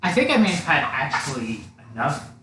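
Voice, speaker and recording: A young man with a bright, forceful voice rambles playfully through a casual baking chat. He sits back from the mic in an echoey home kitchen, with faint noise behind him. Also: fairly high pitch, big pitch swings, fairly quick, distant mic. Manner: rambling, restarts often, playful. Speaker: co-host of baking video.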